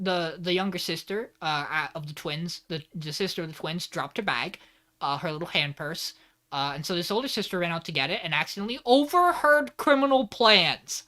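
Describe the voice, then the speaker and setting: A man hosting a podcast, casually recapping anime episodes in an animated, rambling way, swearing freely. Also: high voice. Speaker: podcast host.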